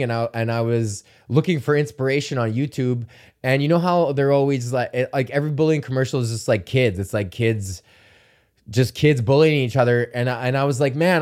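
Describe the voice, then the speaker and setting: A man's voice: medium pitch, a little mellow. A young man from Canada hosting his solo podcast, rambling casually, swearing a lot and laughing often. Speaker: podcast host. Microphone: podcast mic with camera recording.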